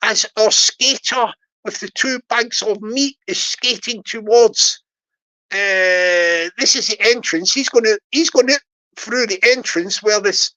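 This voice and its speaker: Woman streamer, bright and punchy, slightly high-pitched, chatty and repetitive with her audience. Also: rough recording. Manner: repetitive, chatty, addresses the chat directly. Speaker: live-stream host. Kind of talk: rambling live-stream chat and storytelling.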